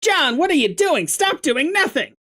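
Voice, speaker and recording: A reader putting on a shrill, fussy man's voice as a clumsy impression, calling out in exasperated disbelief. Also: sing-song, moderate pace, a bit bright.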